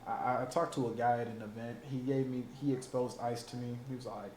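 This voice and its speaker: A man in his twenties with a hoarse, smoker-like rasp, talking in loose, profane, rambling casual chat. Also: mid-range voice, steady tone, brisk, a little mellow. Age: 20s. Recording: roomy room, faint ambient noise.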